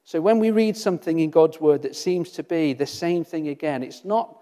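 Earnest high-voiced preacher in a reverberant hall. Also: male voice, moderate pace, few pauses, mellow. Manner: earnest, rhetorical questions, repeats phrases for emphasis. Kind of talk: sermon.

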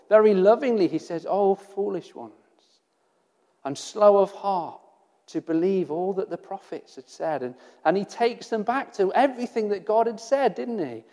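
Male preacher, high-pitched and earnest, rhetorical questions and repetition, recorded with long reverb. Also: dark tone. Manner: earnest, rhetorical questions, repeats phrases for emphasis. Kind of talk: sermon.

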